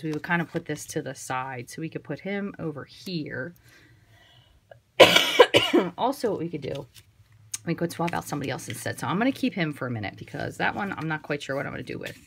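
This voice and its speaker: This woman has a low-pitched voice and talks a little fast during her relaxed, talkative card-making tutorial, musing aloud while she works, with slight noise behind her.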